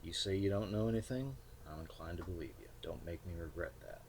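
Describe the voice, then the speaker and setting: A man's voice: low voice, lively intonation, fairly quick, slight background noise. A man voicing a lanky male fixer in a bolo tie, folksy and stern, who lectures with hesitant fillers.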